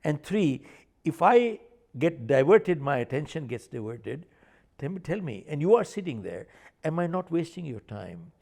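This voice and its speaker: An older man speaks in an interview, his voice gravelly and somewhat high, swinging widely in pitch as he tells stories. He drives each point home with forceful repetition. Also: big pitch swings, normal speed. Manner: emphatic, repeats points for stress. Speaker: author and speaker. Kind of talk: animated interview storytelling.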